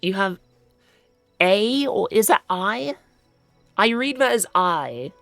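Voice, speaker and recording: A woman's voice: medium pitch, big pitch swings, takes it slowly, creaky, fairly bright tone, no room sound, soft background music. A woman with a British accent giving chatty, self-mocking commentary while playing a game, often talking to things in it. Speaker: gaming channel host. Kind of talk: let's play commentary.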